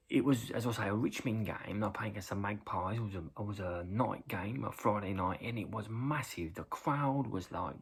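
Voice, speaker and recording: Man, English accent, middle-aged, casual rambling anecdote, gravelly, husky. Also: lowish voice. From England. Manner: rambling anecdote with many fillers, jumping into loud acted quotes. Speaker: vlogger reacting to a video. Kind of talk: casual storytelling.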